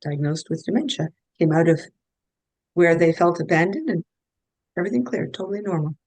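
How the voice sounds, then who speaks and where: Low-voiced woman telling patient stories. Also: lively intonation, fairly quick, darkish tone, no room sound, poor audio. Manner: earnest, anecdotal, frequent restarts. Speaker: guest health practitioner. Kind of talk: conversational interview storytelling.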